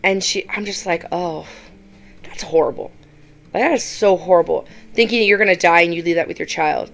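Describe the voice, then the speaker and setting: A woman's voice: lowish voice, brisk, creaky. A woman YouTuber giving casual reaction commentary, blunt and exasperated, often mimicking the people she talks about.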